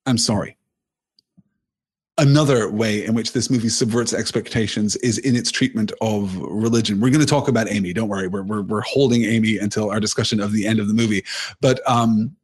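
Husky thoughtful man discussing film. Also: lowish voice, fairly quick. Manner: thoughtful, rephrasing as he goes, with lively emphasis. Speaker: film commentator. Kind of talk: film analysis talk.

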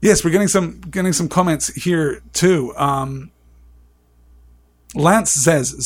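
A man's voice: fairly high pitch, slow pace, breathy edge. A man presenting a live-streamed book discussion, reading passages aloud and adding wry, chatty asides.

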